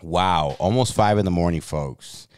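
A man's voice: low-pitched, unhurried, a little mellow, no room sound. A man hosting a casual late-night podcast chat, laid-back and chuckling. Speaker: podcast host.

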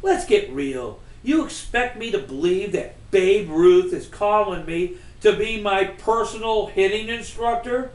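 Doubting young ballplayer, read by a man, sarcastic, high, lively, echoey. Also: a little slow, few pauses. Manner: sarcastic, disbelieving.

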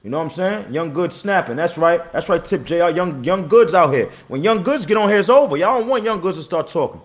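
A man's voice: high-pitched, expressive, a little fast. Blunt, profane battle rapper man. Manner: blunt, profane street talk, repeats himself, shouts out chat viewers. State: tired. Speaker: battle rapper hosting his own live stream. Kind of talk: casual live-stream talk.

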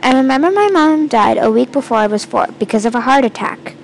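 A woman with a fairly high voice reads her own first-person fantasy tale aloud. She stumbles and starts lines over now and then. A faint hiss runs underneath. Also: expressive, creaky, poor audio. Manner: halting, with restarts and stumbles; first-person storytelling with quoted lines read in the same voice. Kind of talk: amateur reading of her own fantasy story.

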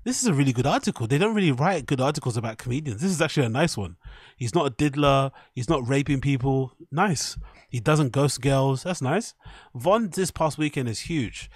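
A man's voice: medium pitch, husky, no echo, studio quality. Man reading aloud and reacting. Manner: reads aloud, stumbles over words, swears often. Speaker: streamer reading an article aloud. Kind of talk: casual live-stream commentary.

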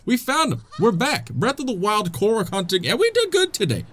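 A young man narrates his gameplay in a playful, joking way, talking to the characters as he goes. His voice sits a little high for a man. It leaps up and down with plenty of expression. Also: huge pitch swings, a little fast, a bit bright. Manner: playful, jokey, talks to the game characters. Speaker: gaming channel host. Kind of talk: let's-play commentary.

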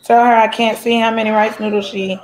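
Brisk and level-toned, her voice runs on the high side with a slightly mellow quality. She's a chatty, joking cooking show host greeting viewers by name on a casual live stream while mixing a drink in her home kitchen.

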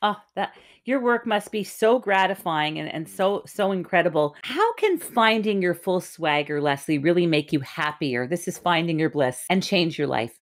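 Woman host, lower register, gushing interviewer. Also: expressive, normal speed, few pauses. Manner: effusive, enthusiastic. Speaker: podcast host. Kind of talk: interview chat.

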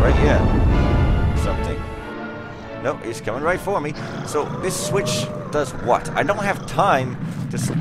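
A man giving rambling, jokey, panicky commentary while playing a video game. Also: mid-range voice. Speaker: let's play commentator. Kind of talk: excitable gameplay commentary. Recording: loud game music behind.

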